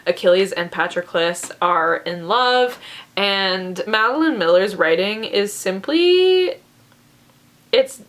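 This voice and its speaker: A woman's voice: medium pitch, fairly bright tone. A woman reviewing her favorite books in a casual vlog, emotional and gushing, laughing often and saying "like" a lot. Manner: filler-heavy, says "like" a lot. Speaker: book reviewer.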